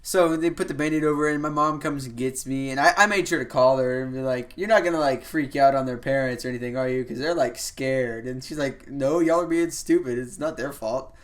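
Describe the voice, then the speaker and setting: A man's voice: medium pitch, steady tone, brisk, hardly any pauses, fairly bright tone. Young man rambling through a story. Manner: rambling anecdotes full of "like" and "you know". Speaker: podcast host. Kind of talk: casual storytelling chat.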